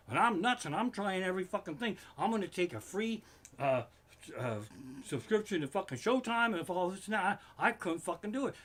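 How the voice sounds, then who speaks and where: A man hosting a comedy livestream from his living room, telling a profane story that keeps flaring into loud, swearing outbursts. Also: sits high, animated, a little fast.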